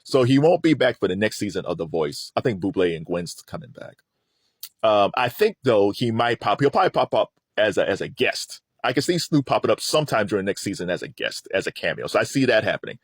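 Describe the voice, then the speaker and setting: A middle-aged man hosting a casual pop-culture commentary, animated and rambling, laughing often. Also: on the low side, fairly quick, breathy edge, dry recording, clean studio sound. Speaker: host.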